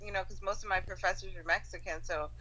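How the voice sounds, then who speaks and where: A woman's voice: on the low side, steady tone, fast talker, pushed and bright, husky, low-quality recording. A woman guest on a podcast chatting casually, upbeat and playful, laughing often.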